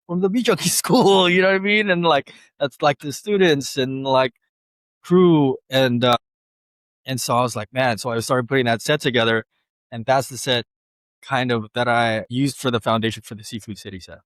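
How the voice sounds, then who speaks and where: A young adult man, a DJ guest, telling stories in a relaxed slangy way with many fillers and animated quoted voices. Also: moderate pace, no room sound. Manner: animated, acts out quoted voices in a higher pitch. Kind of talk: casual interview storytelling. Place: podcast studio.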